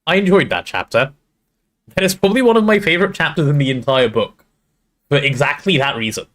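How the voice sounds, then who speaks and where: With a fairly high pitch and a fairly quick tempo, a man brings a novel to life for his livestream viewers. He narrates expressively and now and then turns aside to talk casually with them.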